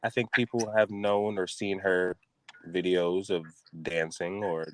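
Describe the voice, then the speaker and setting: A man co-hosting a podcast in casual chat, an animated storyteller whose voice jumps high when he acts out a panic. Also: measured pace, no echo. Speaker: podcast co-host.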